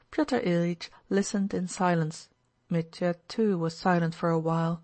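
Lady reading an audiobook, calm and even, lowish voice, dry close sound. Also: normal speed, no echo. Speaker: audiobook narrator. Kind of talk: scripted narration.

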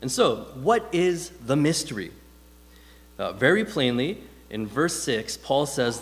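A man's voice: medium pitch, takes it slowly. Man preaching conversationally in a reverberant hall. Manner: conversational, animated storytelling with frequent fillers. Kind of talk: sermon. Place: church hall.

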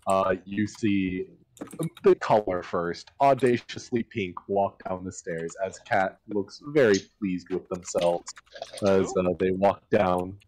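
A man running a tabletop game as game master, narrating slowly with many pauses and fillers. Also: deep voice, darkish tone, slight background noise.

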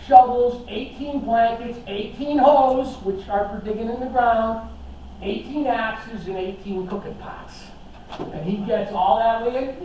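A man's voice: very high-pitched, dark tone, heavy reverb. Enthusiastic male history lecturer, casual and rambling; distant, dull room recording with faint hiss. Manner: enthusiastic, chatty, talks with fillers and restarts.

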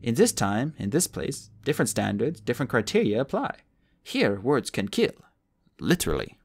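A man voicing a calm, smooth-spoken old male alchemist in an audiobook. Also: medium pitch, moderate pace. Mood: grave.

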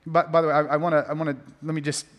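A man's voice: on the high side, little pitch movement, racing, long reverb tail. A man preaching a sermon as pastor, emphatic and repetitive, with jokey asides.

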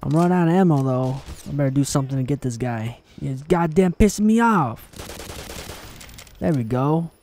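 A man giving excitable let's play commentary, swearing often and taunting his enemies as he plays. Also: a little high, moderate pace, a little hiss or hum. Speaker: gaming channel host.

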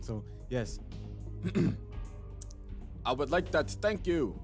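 A man giving let's play commentary, excitable and talking to himself as he plays. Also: a little high, drawn-out words, faint music behind. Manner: excitable, talks to himself while playing. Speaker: gaming channel host.

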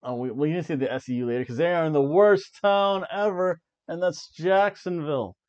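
A man's voice: a little high, brisk, a little mellow, muffled recording. Chatty man in his forties, rambling. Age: 40s. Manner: chatty, jumps between tangents, frequent asides. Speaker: wrestling review host. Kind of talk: casual rambling review. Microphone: webcam while seated.

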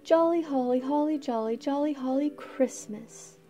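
A woman voicing an eager, excited little boy mouse in a storybook, in a sing-song way. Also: high-pitched, takes it slowly, pitched above the performer's own voice, full character voice.

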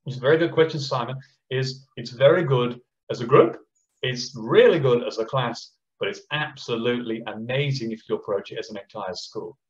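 The recording is muffled, but the man's medium-pitched voice and Australian accent come through as he speaks with passion at an online education conference. Along the way he acts out teachers and children in short, quick impressions.

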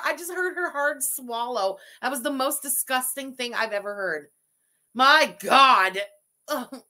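A woman's voice: high-pitched, measured pace, pushed and bright. A woman hosting a live stream, reacting to a video with profane, mocking and heated commentary and reading out viewer messages. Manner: reads out super chats.

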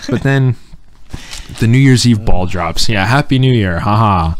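A man's voice: lowish voice, expressive, measured pace, slight background noise. A young man hosting a casual podcast, telling rambling stories and acting out quotes. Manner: rambling storyteller, acts out quotes. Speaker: podcast host. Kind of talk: casual chat.

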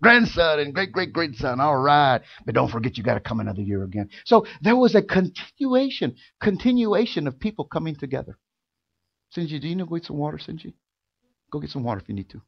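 A man preaching a sermon in a church, building from quiet, drawn-out lines to loud, fervent shouting. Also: fairly high pitch, big pitch swings, vocal fry, slightly rough, dull audio. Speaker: pastor. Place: church sanctuary.

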